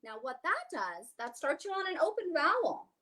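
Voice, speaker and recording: A woman's voice: high-pitched, big pitch swings, normal speed, a bit bright. A woman, a soprano, giving a vocal coaching session over a video call. She explains each exercise and then sings it, with a light, joking touch.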